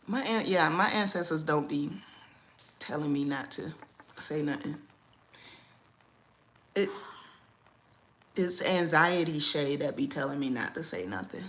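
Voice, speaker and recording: Woman host, lower-pitched, blunt and animated casual livestream chat from home. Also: slow pace, long pauses. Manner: blunt, animated, laughs often.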